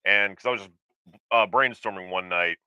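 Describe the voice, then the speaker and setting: A man chatting casually as a show's co-host, his voice low yet very bright and forceful. He rambles, trailing into fillers and restarting his sentences, and his tone stays smooth and clear. The sound is dry and close to the mic. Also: normal speed, dry recording, dull audio. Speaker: podcast co-host. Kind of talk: casual chat.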